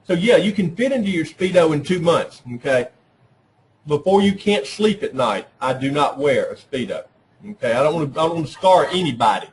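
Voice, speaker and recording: High-voiced man giving a chatty talk. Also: slight background noise, low-quality recording. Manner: conversational, keeps asking "right?"; self-deprecating humor. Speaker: workshop presenter. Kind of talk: informal talk at a professional development session.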